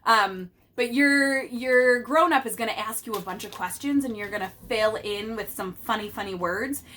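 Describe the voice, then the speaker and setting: A woman teacher giving an animated, encouraging read-aloud lesson to young children. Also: fairly high pitch, normal speed, slight background noise.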